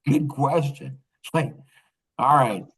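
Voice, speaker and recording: A man's voice: medium pitch, slow pace, vocal fry, fairly bright tone, husky, poor audio. An older man hosting a podcast, talking in a rambling, casual monologue full of restarts and laughter. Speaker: podcast host.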